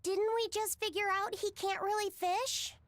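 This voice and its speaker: High-pitched earnest young companion, slow and questioning, game voice. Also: female voice, steady tone, no room sound. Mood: curious. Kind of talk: game voice acting.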